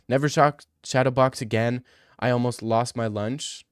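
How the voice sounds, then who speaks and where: A man's voice: medium pitch, steady tone, moderate pace, clear, resonant tone, no echo, studio quality. A young man livestreaming, answering chat in casual, crude, teasing banter. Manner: joking, teasing, profane.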